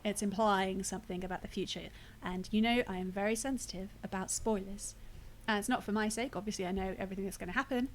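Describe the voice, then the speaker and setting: A woman's voice: mid-range voice, steady tone, fast talker, a little hiss or hum. Woman streamer, casual gameplay chat, wry self-deprecating asides.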